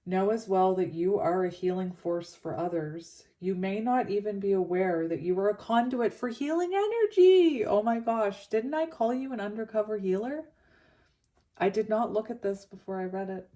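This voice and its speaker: A woman giving a tarot reading, reading card meanings aloud and talking them over in a gentle, rambling way. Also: mid-range voice, moderate pace. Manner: gentle, rambling, with frequent fillers and soft laughs. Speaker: tarot reader.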